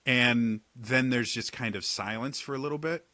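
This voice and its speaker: A man narrating as game master, describing scenes slowly with many fillers. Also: mid-range voice, pushed and bright, no echo. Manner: unhurried, filler-heavy, descriptive.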